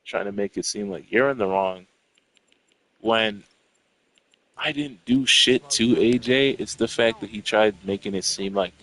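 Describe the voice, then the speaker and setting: A man's voice: fairly low pitch, steady tone, a little slow, a bit bright, poor audio. A young man in a casual, rambling rant, profane and irritated as he tells what happened between him and his friends. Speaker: storyteller venting to a friend.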